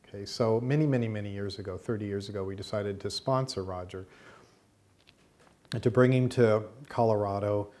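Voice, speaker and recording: A middle-aged American man teaching a course, telling an anecdote in a lively way and acting out the voices of the people in it. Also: lowish voice, a little fast. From United States. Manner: lively storyteller, acts out the voices in his anecdotes. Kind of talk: storytelling lecture to a class.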